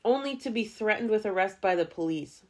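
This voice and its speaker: A woman's voice: mid-range voice, animated, a little fast. A woman podcast host recounting a true-crime case in a matter-of-fact way, with dry humor. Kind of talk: casual true-crime storytelling.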